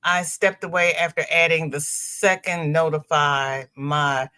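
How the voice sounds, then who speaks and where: A woman's voice: low-pitched, steady tone, unhurried, bright, forceful tone, smooth. A middle-aged woman hosting a live stream, chatting casually and rambling between greetings to viewers by name. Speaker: livestream host.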